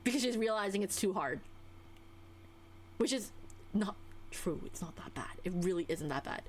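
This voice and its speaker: A woman's voice: expressive, moderate pace, a little hiss or hum. A young adult woman streamer ranting casually, exasperated, her voice swinging up and down as she vents. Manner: exasperated, venting, with wide pitch swings.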